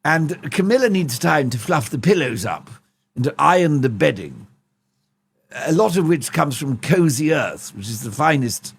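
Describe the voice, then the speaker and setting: A man's voice: medium pitch, creaky, breathy edge, exaggerated voice. A man putting on an impression of a plummy, pompous older king who rambles and keeps trailing off with "you see". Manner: pompous, ends phrases with a drawn-out "you see".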